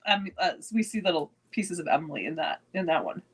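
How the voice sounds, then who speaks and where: A woman's voice: on the low side, sing-song, a little fast, husky. A woman co-hosting a live fan stream, upbeat and agreeable, thinking aloud as she talks. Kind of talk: casual live-stream chat.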